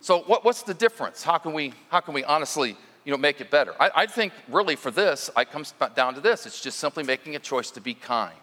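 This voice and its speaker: A man's voice: mid-range voice, pushed and bright, big-room sound. A man preaching as lead minister, mixing stories with direct talk to the congregation in a conversational sermon.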